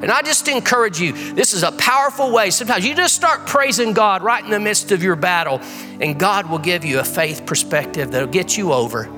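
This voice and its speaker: A man's voice: high-pitched, lively intonation, fairly quick. A man preaching a sermon as pastor, reading scripture aloud in an earnest way, in a large church. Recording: echoey hall with faint music.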